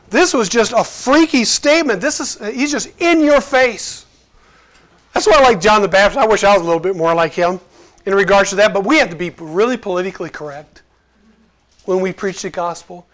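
High-voiced man preaching casually. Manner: lively, jokey, acts out quotes. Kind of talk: casual conversational sermon.

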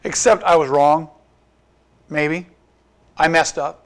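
A pastor preaching a conversational sermon, asking his listeners rhetorical questions and slowing down to stress key points. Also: a little high, fairly even intonation. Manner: asks the congregation rhetorical questions, slows down for emphasis.

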